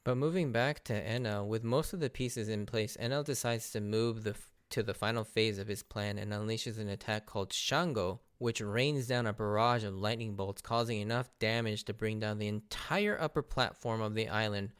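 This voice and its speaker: In a fairly low, clean-toned voice, a man hosts a podcast about anime, recapping episodes at a moderate pace with hardly any pauses. He sounds enthusiastic and casual, laughs a lot, and acts out character lines.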